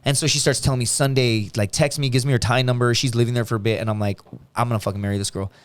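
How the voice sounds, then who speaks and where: A man guest on a podcast, telling stories in a casual, animated and profane way, acting out other people's lines. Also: medium pitch, racing, smooth. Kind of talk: casual storytelling chat.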